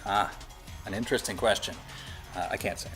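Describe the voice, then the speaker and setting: Low-voiced hesitant male guest. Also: fairly even intonation, brisk, music in the background. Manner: hesitant, repeats words, dry humor. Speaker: voice actor guest. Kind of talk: casual interview answers.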